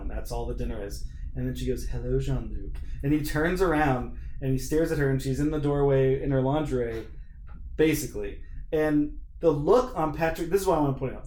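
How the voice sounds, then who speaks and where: A man hosting a podcast in casual chat, animated and acting out bits of scenes as he talks. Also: medium pitch, slight background noise. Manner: animated, acts out lines from scenes. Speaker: podcast host. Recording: echoey room.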